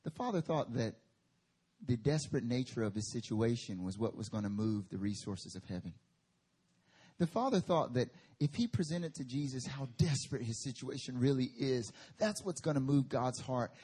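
Husky-voiced male preacher. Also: medium pitch. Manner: conversational, rising to forceful emphatic bursts. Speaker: pastor. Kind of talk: sermon. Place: church service.

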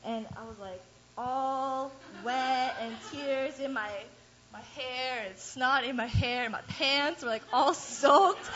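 Brief: woman, slightly high voice, candid self-deprecating church testimony, muffled lo-fi recording. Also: slow pace, a bit bright, slight background noise. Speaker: guest speaker giving testimony. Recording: dull lo-fi recording.

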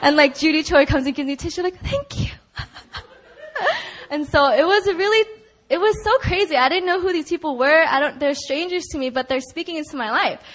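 A young adult woman speaks quickly in a high, fairly bright voice. She is giving a personal testimony at a church prayer meeting, chatting along with plenty of "like" and "you know" and laughing often as she tells her story.

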